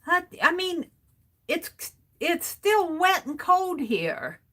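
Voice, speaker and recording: A woman's voice: extremely high pitch, big pitch swings, slow, a bit bright. A woman hosting a crafting livestream, rambling through a casual story as she works and chuckling often between sentences. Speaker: art journaling livestream host.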